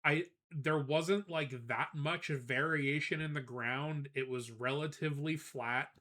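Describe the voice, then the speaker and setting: A man streaming live, chatting casually and telling a rambling, animated story with frequent laughs, greeting viewers as he goes. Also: on the high side, unhurried. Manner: greets chat viewers between anecdotes.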